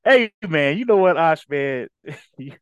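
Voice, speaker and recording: A man's voice: on the high side, expressive, a little slow, smooth, no room sound, dull audio. A man co-hosting a casual podcast, laughing often as he fires playful trash-talk back at a rival player. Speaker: podcast co-host.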